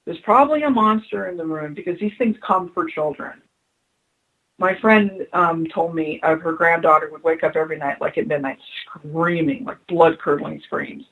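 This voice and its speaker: Speaking as a spiritual adviser in a radio interview, this woman is choked up as she earnestly recounts stories and repeats her main phrases to stress them. Her voice is low and her speed normal, heard through narrow, tinny audio.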